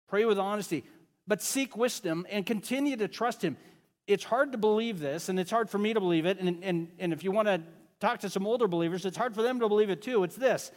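A man's voice: high-pitched, quick pace, in a large hall. A pastor preaching a sermon to his congregation in a casual, conversational way, often joking with the kids and parents.

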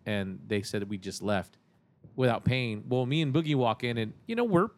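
A man's voice: mid-range voice, lively intonation, moderate pace. A man on a podcast telling a story in a laid-back, profane way, often saying "man". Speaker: podcast guest. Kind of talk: casual storytelling chat.

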